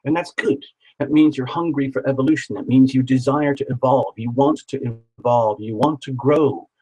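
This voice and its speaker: A man's voice: mid-range voice, fairly even intonation, moderate pace, warm tone, slightly rough, rough recording. A man doing a live tarot reading, chatty and encouraging, who repeats words for emphasis. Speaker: tarot reader.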